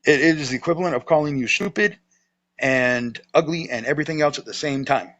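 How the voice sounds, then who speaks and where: A man's voice: a little high, fairly quick, fairly bright tone. A man with a Southern US accent hosting a podcast, chatting in a folksy, joking way with frequent restarts. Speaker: podcast host, storyteller. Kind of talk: casual chat. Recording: slightly dull lo-fi audio.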